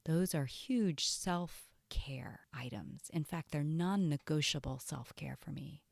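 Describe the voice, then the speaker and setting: Woman, podcast coach, low voice, gravelly, earnest, slips into whispers. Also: takes it slowly, no echo, studio quality. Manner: earnest, often drops to a soft whisper. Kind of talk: casual self-help talk.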